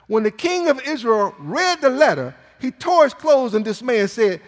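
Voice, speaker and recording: A man's voice: high-pitched, sing-song, brisk, hardly any pauses. A male pastor preaching a sermon in a dramatic, emphatic way, with sudden swings in volume. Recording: long reverb in a large hall.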